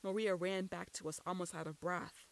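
Woman, audiobook narration, first-person story, steady storytelling. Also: on the low side, normal speed, gravelly, rough recording. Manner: steady storytelling with quoted dialogue.

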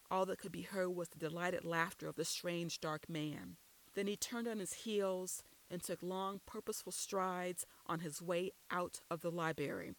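Woman, audiobook narration, first-person story, steady storytelling. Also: lowish voice, poor audio. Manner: steady storytelling with quoted dialogue.

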